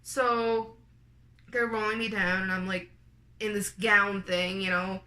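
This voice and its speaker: A woman's voice: mid-range voice, level tone, takes it slowly, bright, forceful tone. A young woman from Canada, a vlogger, chatting to camera as she tells a personal story, full of "like" and acted-out dialogue. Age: young adult. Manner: chatty, lots of "like", quoted dialogue.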